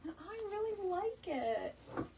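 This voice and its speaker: A woman's voice: very high voice, sing-song, normal speed, gravelly, background noise. A woman hosting a home decor tutorial, chatting casually and rambling as she works. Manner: chatty, rambling, says y'all, laughs easily. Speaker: DIY decor video host. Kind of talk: casual craft tutorial chat. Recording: somewhat distant mic with faint room ambience.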